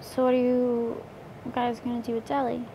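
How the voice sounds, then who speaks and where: A woman's voice: a little high, monotone, moderate pace, muffled recording, slight background noise. A young woman giving short, hesitant replies in casual strategy talk. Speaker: reality show contestant.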